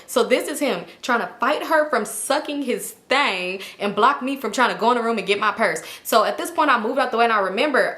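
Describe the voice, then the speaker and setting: Young woman, casual storytime, animated, bright crisp voice, echoey room. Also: fairly high pitch, a little fast, few pauses. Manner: animated, slangy and profane. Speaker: YouTuber telling a story.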